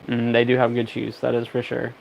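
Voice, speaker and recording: A man's voice: medium pitch, monotone, a little fast, creaky, a little hiss or hum. A man hosting a casual livestream, chatting with viewers and coaxing his pet bird. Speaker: pet parrot owner streaming.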